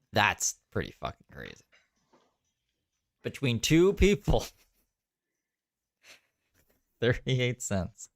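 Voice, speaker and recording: A man's voice: on the low side, clear, resonant tone, no room sound, clean studio sound. A man chatting casually on a live stream, rambling and swearing with laughing asides. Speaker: streamer reacting to another creator's live.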